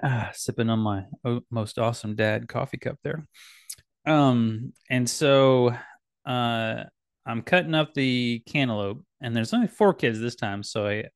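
A man's voice: mid-range voice, unhurried, dry recording, clean studio sound. A father in casual talk, telling a family story in a rambling way, correcting himself often and laughing now and then. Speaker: podcast host and dad.

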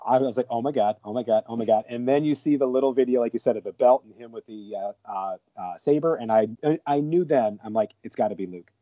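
A man chatting on a podcast, excitable and tripping over his words as he repeats himself. His voice sits in a middle register. The recording is dull and lo-fi, with a dry, close sound. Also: mid-range voice, fast talker, few pauses, no echo. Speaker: podcast co-host or guest. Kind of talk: casual podcast chat.

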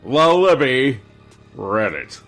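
A man co-hosting a casual podcast, reading stories aloud in a steady way and laughing along. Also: medium pitch, slow pace, soft background music.

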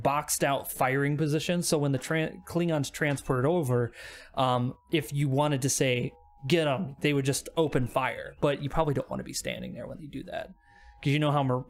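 A man's voice: mid-range voice, steady tone, moderate pace. A man narrating as game master in a rambling, casual way full of fillers.

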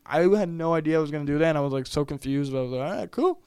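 A man's voice: on the high side, steady tone, rapid-fire, darkish tone, smooth, dry recording, clean studio sound. A young man from the United States, a podcast guest telling a long travel story in casual chat, laid-back, swearing freely and laughing often.

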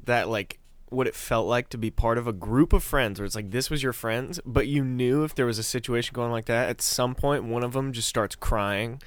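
A man's voice: medium pitch, moderate pace, no echo. A young man chatting casually on a podcast, musing aloud about childhood memories in an earnest, rambling way. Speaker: podcast co-host. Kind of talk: casual chat.

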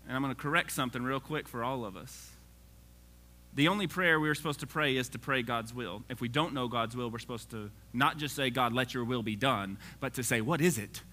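A man's voice: medium pitch, brisk, pushed and bright. A man preaching a casual sermon, reading scripture aloud and joking with the congregation.

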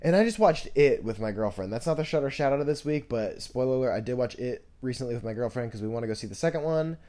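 Rambling young man with a mellow voice. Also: fast talker. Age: 20s. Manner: rambling, scatterbrained, jokey, full of fillers; animated, jumps into high voices when quoting others. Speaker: podcast host. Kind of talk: casual storytelling monologue.

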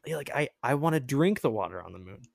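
A man's voice: mid-range voice, sing-song, quick pace, creaky, dry recording, clean studio sound. Rambling, chatty male podcast host. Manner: rambling, chatty, laughs often. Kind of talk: casual chat.

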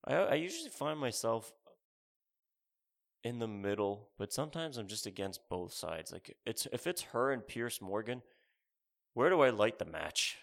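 A man's voice: mid-range voice, expressive, normal speed, vocal fry. A man in his thirties delivering a rambling, sarcastic, profane comedic rant as a podcast host.

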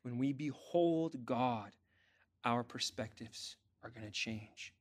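A man preaching a sermon as pastor, asking the congregation rhetorical questions and building to forceful emphatic peaks. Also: mid-range voice, slow. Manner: emphatic, rising to forceful climaxes.

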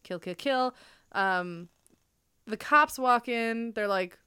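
Smooth-voiced rambling woman co-host. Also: a little high, slow pace, bright, forceful tone. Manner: rambling, many fillers and restarts. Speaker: podcast co-host. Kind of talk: casual podcast chat.

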